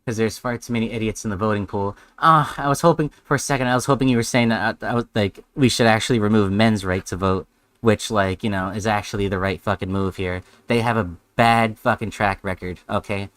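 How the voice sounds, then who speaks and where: Lowish-voiced guy streaming, sarcastic, swears a lot, dry close mic. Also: steady tone, brisk, fairly bright tone, no echo. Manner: sarcastic, heavy swearing, rambling. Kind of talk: live reaction stream.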